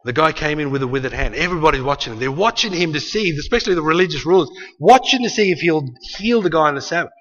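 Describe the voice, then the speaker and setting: This preacher's voice sits on the high side and is animated and fairly bright, moving quickly with hardly any pauses. He repeats key phrases and acts out quotes emphatically to a congregation in a church hall. The highs are cut off, and the large hall gives a long reverb.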